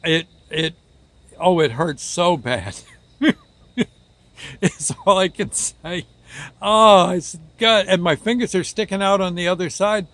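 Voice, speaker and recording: Man, fairly high voice, casual halting anecdote teller. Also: a bit bright, dry recording. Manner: halting, rambling, restarts words often. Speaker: storyteller.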